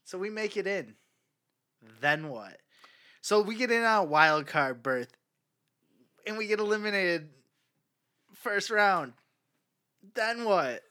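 Podcast co-host guy, brightish voice, lays out his point step by step. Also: sits high, expressive, measured pace, pauses often, clean tone. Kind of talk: casual sports podcast chat.

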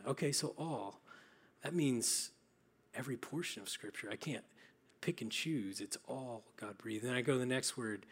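A man's voice: mid-range voice, breathy edge. Earnest young man preaching. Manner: earnest, practical, with frequent fillers and restarts. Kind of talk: sermon.

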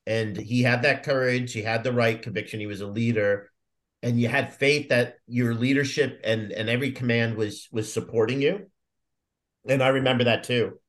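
A man's voice: mid-range voice, fairly even intonation, moderate pace. A man, a Marine veteran, talking reflectively in a casual podcast conversation, with many fillers and restarts.

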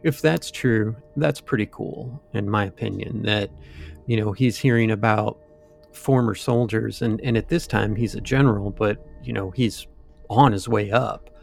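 Gravelly man rambling through a ghost story. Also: fairly low pitch, measured pace, soft background music. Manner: loose and rambling, with asides and fillers. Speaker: podcast co-host. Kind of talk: casual chat, retelling a ghost story.

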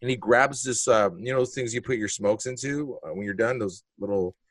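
A man's voice: medium pitch, brisk, no room sound. A man spinning a rowdy anecdote, cursing and slipping into the voices of the people in it. His voice sits in an ordinary middle register, recorded in a dry, dead room. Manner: animated, profane, acts out quotes. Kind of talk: casual storytelling chat.

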